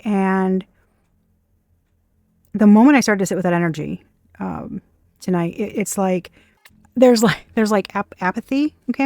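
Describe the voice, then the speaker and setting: A woman's voice: mid-range voice, dry recording, studio quality. A woman doing a casual tarot reading to camera, blunt and scornful, swearing freely. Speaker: tarot reader.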